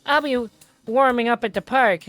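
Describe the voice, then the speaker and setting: A man's voice: very high voice, normal speed, fairly bright tone, voice pushed up. A man voicing a bossy, teasing young woman training partner on a voicemail.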